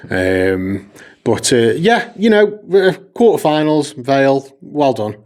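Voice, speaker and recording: A man's voice: mid-range voice, very animated, takes it slowly, a little mellow. A man co-hosting a podcast in casual chat, sweary and rambling, laughing often and filling gaps with ums. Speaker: podcast co-host.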